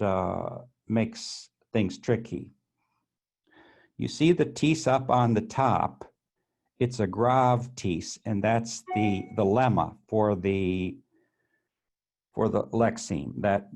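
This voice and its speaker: A man's voice: lowish voice, slow pace, a little mellow. A man teaching Greek grammar, walking methodically through tables on screen and often restarting his phrases.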